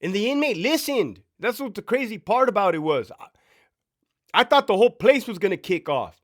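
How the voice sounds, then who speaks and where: A former prison sergeant in his thirties tells his stories in a blunt, emphatic way, swearing freely and firing off rhetorical questions. His voice sits a little high for a man and moves around a lot in pitch. It comes across as a casual, animated monologue. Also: a little fast.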